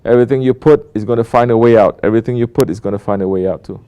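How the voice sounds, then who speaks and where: Guy giving a sermon, mid pitch, keeps firing rhetorical questions at you. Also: very fast, muffled recording. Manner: rhetorical questions, emphatic, mocking quoted apologies. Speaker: Sufi teacher.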